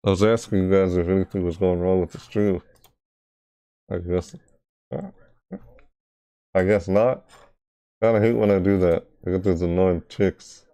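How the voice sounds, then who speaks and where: Slow, smooth-voiced man troubleshooting his stream. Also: low-pitched, steady tone, dark tone, no room sound. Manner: frustrated, thinking aloud, talking to chat; repeats words over and over while testing. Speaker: gaming streamer. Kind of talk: casual live-stream commentary.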